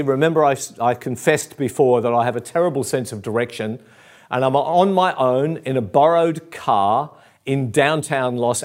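A middle-aged Australian man giving a sermon in an earnest, conversational way. He stops for fillers and restates his key lines. His pitch sits at an ordinary male middle. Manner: earnest and warm, with fillers and repeated phrases. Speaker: pastor.

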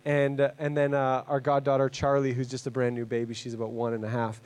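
A man's voice: medium pitch, monotone, brisk, a little mellow, clean tone. A man from Canada, a guest preacher in his thirties, opening his sermon in a chatty, rambling, self-deprecating way with many fillers. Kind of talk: casual sermon introduction.

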